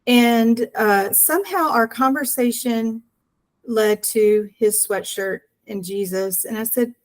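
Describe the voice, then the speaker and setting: A woman's voice: fairly high pitch, takes it slowly, poor audio. Earnest woman telling a personal story. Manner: earnest, animated storytelling with acted-out dialogue. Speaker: interview guest.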